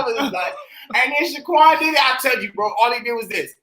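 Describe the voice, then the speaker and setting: A man in casual chat, telling stories in a relaxed, slangy way. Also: extremely high pitch, brisk, crowd noise. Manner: relaxed slangy storyteller, many fillers. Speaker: co-host. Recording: echoey room, faint noise.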